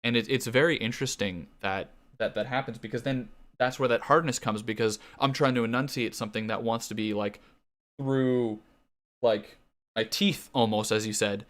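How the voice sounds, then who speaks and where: A man's voice: mid-range voice, fairly even intonation, normal speed, fairly bright tone. A young man from Canada rambling and swearing freely while he streams a game. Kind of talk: casual gaming stream chat.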